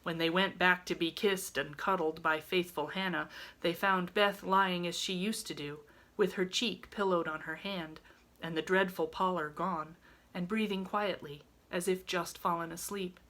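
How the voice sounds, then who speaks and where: A woman reads a storybook chapter aloud at a gentle, measured pace. Her voice sits a little low yet sounds bright and clear. She reads like a pastor at story hour. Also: steady tone.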